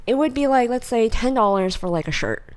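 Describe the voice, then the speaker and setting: Animated young woman telling a story. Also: on the high side, fairly quick. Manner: animated storyteller, acts out voices, laughs often. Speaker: podcast co-host. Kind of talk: casual chat.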